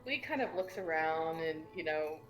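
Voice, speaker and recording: A woman's voice: sits low, lively intonation, normal speed, music in the background, low-quality recording. Giggly woman describing her game character. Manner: rambling with many fillers, giggly. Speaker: player. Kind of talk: casual tabletop play.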